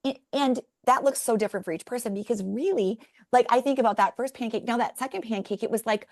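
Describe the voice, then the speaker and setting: Middle-aged woman podcast guest, mid pitch with creaky fry, dry close mic, animated storyteller. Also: moderate pace, no room sound. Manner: animated storyteller, talks through examples. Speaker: podcast guest, parenting author. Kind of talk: conversational interview.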